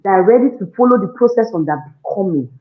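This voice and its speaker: A woman with a Nigerian accent giving an animated testimonial, acting out her own scolding and prayers and laughing often. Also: medium pitch, fast. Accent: Nigerian English. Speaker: parenting program participant. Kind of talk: testimonial interview. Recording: echoey room on a tinny phone-like line.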